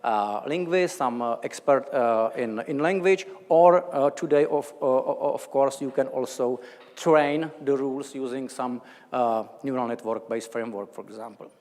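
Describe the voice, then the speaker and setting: A Czech man with a Czech accent gives an academic lecture in a large lecture hall, hesitating with many fillers and restarts. His voice is medium-pitched, moderately paced, and a little mellow, with a big-room sound.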